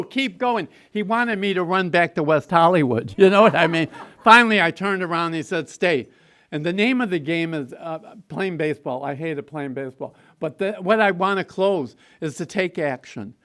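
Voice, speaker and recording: Man, fairly high voice, personal recovery story to a group, lively, self-mocking, occasional swearing. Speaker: guest speaker at a recovery meeting.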